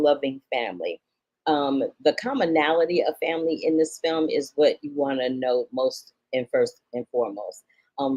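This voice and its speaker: A woman's voice: low-pitched, a little mellow, poor audio. A woman from St. Louis, Missouri, hosting a casual film review podcast, talking emphatically with slangy asides to her listeners. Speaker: film critic and podcast host.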